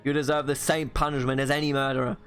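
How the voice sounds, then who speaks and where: A man's voice: mid-range voice, level tone, quick pace, a bit bright, soft background music, lightly acted. A man reading as a stern courtroom judge. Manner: curt, accusing, read from game text. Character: stern revolutionary court judge, cold and accusing.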